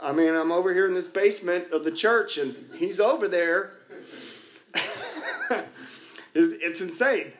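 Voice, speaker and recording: A man's voice: high-pitched, unhurried, pauses often. A man sharing candidly at a recovery meeting, rambling and poking fun at himself, with lots of "you know.". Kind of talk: candid personal talk to a group. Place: church basement.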